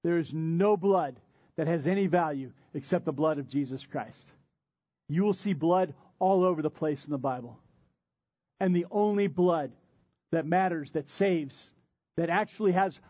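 A man with a high-pitched voice preaches a sermon and drives his points home with repetition and rhetorical questions. The sound is dry and a little dull. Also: measured pace, warm tone, no echo. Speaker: pastor.

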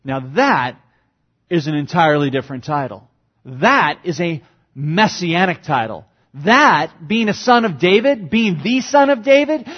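A man preaching a sermon as pastor, explaining a passage verse by verse and acting out quoted cries with sudden rises in voice. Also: muffled recording. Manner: dynamic, acts out quoted lines with big pitch jumps.

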